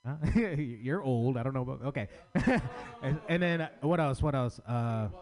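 A man's voice: medium pitch, moderate pace. A man riffs loosely on a fellow comic's set, jumping from idea to idea. He swears freely and fills gaps with "uh" and "like.". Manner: rambling, excitable, profane, many fillers. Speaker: fellow comedian giving feedback. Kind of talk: casual feedback chat.

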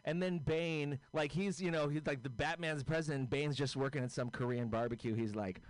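A man's voice: on the high side, fairly quick, few pauses, dry recording, rough recording. A man doing a rambling, self-deprecating stand-up comedy set.

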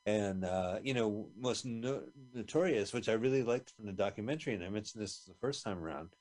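A man's voice: lowish voice, a little fast, darkish tone. A man co-hosting a radio talk show, chatting casually and reminiscing with frequent restarts. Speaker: podcast co-host. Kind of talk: casual chat watching a film.

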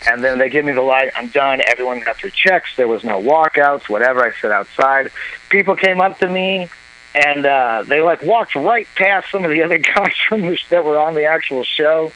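A man telling a long comic story on a talk show, animated and profane, acting out what others said. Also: fairly high pitch, moderate pace, highs cut off. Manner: animated, profane, acts out quoted voices. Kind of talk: casual storytelling.

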